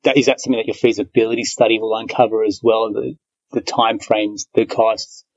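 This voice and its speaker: A man's voice: lowish voice, level tone, a little fast, muffled recording. A man with an Australian accent hosting an interview podcast, chatty and matey, with frequent fillers. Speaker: podcast host. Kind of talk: casual interview chat.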